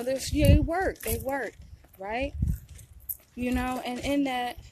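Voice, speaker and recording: A woman's voice: medium pitch, background noise. A young woman, vlogging to camera in a blunt, preachy way, often asking if you get what she's saying. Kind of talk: casual talk to camera.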